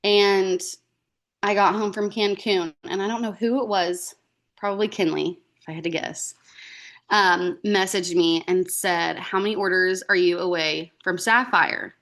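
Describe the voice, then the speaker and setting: A woman's voice: mid-range voice, fairly even intonation, unhurried, fairly bright tone. A woman sharing a personal story as a guest speaker on a team video call, chatty, with frequent fillers and acted-out quotes of her own past words.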